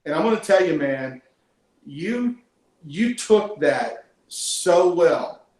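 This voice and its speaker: A man's voice: on the high side, very animated, takes it slowly, darkish tone, reverberant, low-quality recording. A man hosting a team call, talking in an emotional, earnest way and praising his guest. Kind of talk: heartfelt conversational interview. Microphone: call audio.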